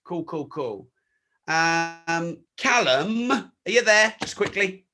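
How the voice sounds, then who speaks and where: Energetic male seminar speaker, high and bright, casual and excitable. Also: slow pace, slight background noise. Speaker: event speaker; social media coach. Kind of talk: live seminar talk.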